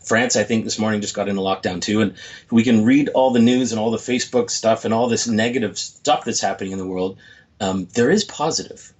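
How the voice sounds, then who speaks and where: A man's voice: on the low side, a little fast, lo-fi sound. A man in his forties, a motivational speaker, telling stories in a reflective, upbeat way during a casual interview.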